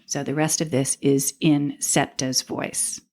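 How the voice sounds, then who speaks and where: A woman's voice: rumbling low, level tone, slow pace, darkish tone. A woman co-hosting a casual podcast, reading a transcribed story aloud and laughing easily. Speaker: podcast co-host.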